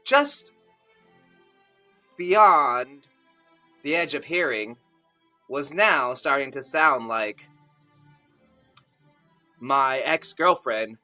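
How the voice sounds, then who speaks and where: Slow, bright-voiced male storyteller. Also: mid-range voice. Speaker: author co-hosting a story podcast. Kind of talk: improvised first-person story narration.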